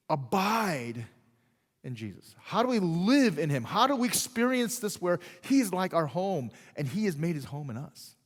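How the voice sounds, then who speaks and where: A man preaching a sermon as pastor, in a conversational style that keeps checking in with the congregation and swings between loud emphasis and quiet, drawn-out phrases. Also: fairly high pitch. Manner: conversational, checks in with "right?" and "okay?". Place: church sanctuary. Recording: long reverb of a church hall.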